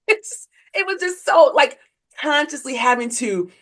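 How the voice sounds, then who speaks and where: A young woman, a podcast guest, telling her story in candid conversation, voice leaping up when she acts out others. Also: moderate pace. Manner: animated, leaps high in pitch when acting out others.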